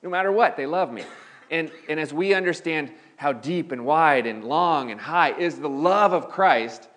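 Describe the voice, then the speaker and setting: A man's voice: a little high, animated, moderate pace, a bit bright. A male pastor giving a sermon in a church, talking casually with restarts and lifting his voice on key points. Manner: conversational preaching with frequent restarts, rising emphasis on key points. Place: church sanctuary.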